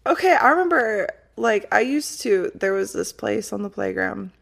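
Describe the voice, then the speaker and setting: A woman hosting a podcast in casual chat, giggly and animated, swearing freely on a close microphone. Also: medium pitch, moderate pace, creaky. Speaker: podcast host.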